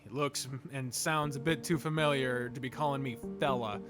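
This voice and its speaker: A man's voice: mid-range voice, normal speed, soft background music. A man playing a text game, reading the story aloud and chatting along, cursing freely. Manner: animated, swears freely. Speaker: let's play gamer.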